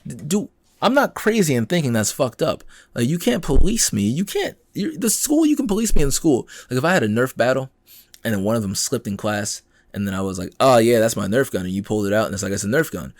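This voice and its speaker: Animated, exasperated male podcast host. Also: medium pitch, a little fast, no echo, clean studio sound. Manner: animated and exasperated, acts out quoted people, swears freely. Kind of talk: casual news commentary.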